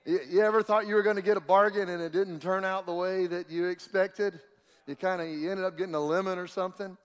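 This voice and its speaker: A man's voice: high-pitched, steady tone, quick pace, clear, resonant tone. A male pastor preaching a sermon, telling a folksy story with many restarts before reading scripture to the congregation. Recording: long hall reverb.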